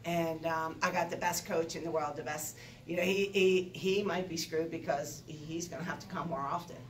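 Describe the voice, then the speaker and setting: Older woman coach at a press conference, animated and talkative, lowish voice, heard from a distance in an echoey room. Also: normal speed, slight background noise. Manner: animated, talkative, rambling with restarts. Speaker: basketball coach. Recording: echoey room, distant mic, faint ambience.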